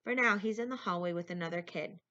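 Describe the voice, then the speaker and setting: A woman reading a novel aloud in first person, with plain, steady storytelling. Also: on the low side, fast. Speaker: reader. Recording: lo-fi recording.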